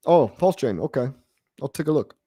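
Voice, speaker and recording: A man doing a tech mogul, middle-aged man, amused, halting, chuckles, plain dry voice. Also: medium pitch, lively intonation, dark tone, slightly rough, no room sound. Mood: bemused.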